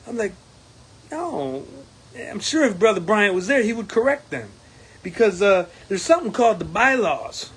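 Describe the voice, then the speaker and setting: A man's voice: sits high, big pitch swings, normal speed, a bit bright, breathy edge, low-quality recording. A man, a union steward running for local president, recapping an event in a casual talking-to-camera monologue, emphatic and defiant, with many fillers and restarts.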